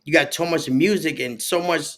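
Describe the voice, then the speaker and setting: Man guest, relaxed slangy storyteller with a slightly raised voice, does the quoted voices himself. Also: a little high, normal speed. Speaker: podcast guest, author. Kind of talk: casual conversation.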